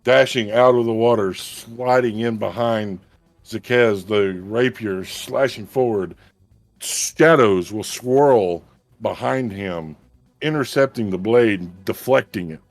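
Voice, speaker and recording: A man leads a tabletop game as its game master, describing the action in a measured way and breaking off for casual asides. His voice sits low and his pace is slow and deliberate. The sound is dry and close. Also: no echo, soft background music.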